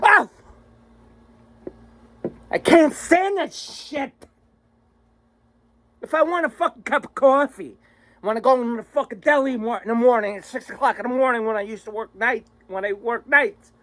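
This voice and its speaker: A man's voice: very high-pitched, normal speed, pauses often, fairly bright tone, low-quality recording. A man vlogging a rambling, exasperated, profanity-heavy rant to his viewers. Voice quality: crude, swears constantly, exasperated.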